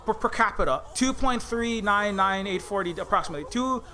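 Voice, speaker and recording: High, bright-voiced man ranting angrily. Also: animated, a little fast. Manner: angry, profane, stammering restarts. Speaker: indie game developer streaming live. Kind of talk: heated political rant on a livestream.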